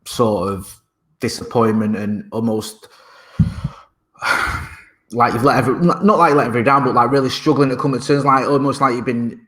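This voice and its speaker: A British man and parent co-hosts a podcast, chatting casually in a mid-range, fairly bright voice at a moderate pace with long pauses. He trades dry, joking banter and often restarts as he searches for words.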